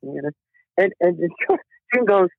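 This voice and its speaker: A man's voice: high voice, expressive, slow, vocal fry, no room sound. A middle-aged man, a rock musician guest, telling stories in a casual interview, acting out quotes and laughing often. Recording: tinny dry phone line.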